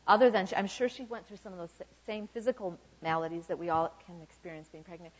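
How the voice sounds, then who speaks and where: A woman's voice: lowish voice, fairly even intonation, quick pace. Chatty woman preaching, dull recording. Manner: chatty, frequent "okay" and "you know" asides. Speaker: church speaker. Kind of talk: informal sermon.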